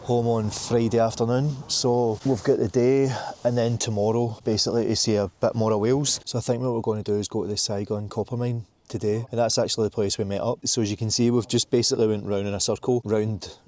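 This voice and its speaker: A Scottish man with a husky, brash voice, chatting casually as a travel vlogger outdoors. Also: on the low side, steady tone, fast talker, few pauses, darkish tone. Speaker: vlog host. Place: outdoors by campervans.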